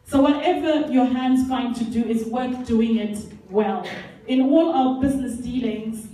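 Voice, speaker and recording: A woman's voice: on the high side, measured pace, dark tone. A woman conference speaker giving an earnest, emphatic motivational talk with Bible examples, repeating key phrases, heard from far off in an echoey hall with faint music. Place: large indoor leisure centre hall.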